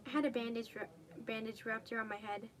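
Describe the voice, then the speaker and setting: A woman's voice: on the high side, steady tone, brisk. Young woman reading fanfic with asides. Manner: casual, stumbling, self-correcting, swears. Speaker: fanfic reader. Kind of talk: reading fan fiction aloud with asides.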